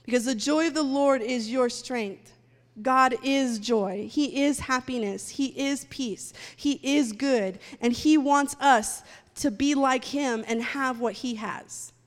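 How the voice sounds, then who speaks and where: A woman's high voice moves slowly through a sermon as she leads prayer in a church sanctuary. Full of fervent conviction, she rises to praying loudly. The sound carries long hall reverb with faint music behind it.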